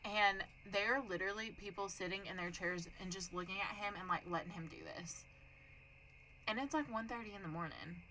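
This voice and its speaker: Bright, animated woman. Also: mid-range voice, a little fast, slight background noise, low-quality recording. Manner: animated, profane, acts out voices in her story. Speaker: podcast co-host. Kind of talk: casual chat, storytelling.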